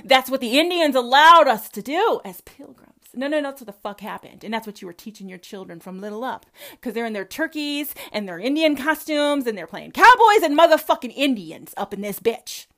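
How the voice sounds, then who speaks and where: Speaking a little fast in a high, sing-song, fairly bright voice, a Southern American woman delivers a profane religious rant to camera. The commentator, from the Southern United States, is combative and fills her speech with rhetorical questions.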